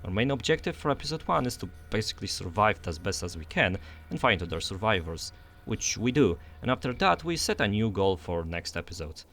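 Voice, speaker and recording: A man's voice: lowish voice, sing-song, a little fast, fairly bright tone. A young man narrating a scripted game review voice-over in an enthusiastic, conversational way.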